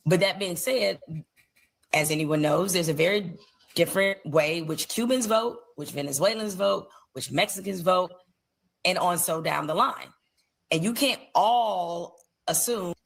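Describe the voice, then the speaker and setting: A woman with a lowish, gravelly voice gives political commentary. She speaks in a measured, deliberate way.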